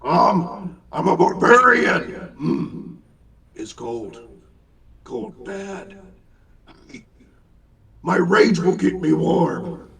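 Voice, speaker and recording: A man's voice: high voice, animated, extremely slow, creaky, long pauses, fairly bright tone, echoey room, far from the mic, pitched above the performer's own voice, exaggerated voice. A man voicing a hotheaded teenage half-orc barbarian girl who talks in short, clipped broken phrases over a noisy convention crowd. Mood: defiant.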